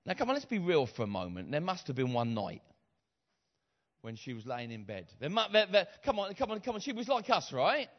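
A middle-aged man preaching a sermon, retelling a story with acted voices, repeated phrases and rising shouts. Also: fairly high pitch, huge pitch swings, a little fast. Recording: slightly dull lo-fi sound.

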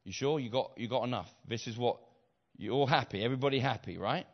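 A middle-aged man preaching a sermon, retelling a story with acted voices, repeated phrases and rising shouts. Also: medium pitch, fast. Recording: slightly dull lo-fi sound.

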